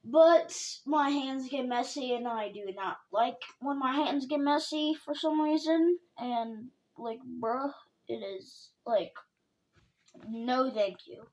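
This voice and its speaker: A woman chiming in with her own memories in a relaxed, casual chat. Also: high voice, slow. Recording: slightly dull lo-fi audio.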